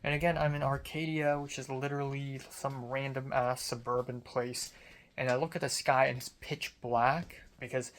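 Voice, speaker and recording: Young guy from hong kong rambling through a story, mid pitch, self-mocking, swears a lot. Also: level tone, moderate pace, a bit bright. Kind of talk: casual spoken storytelling.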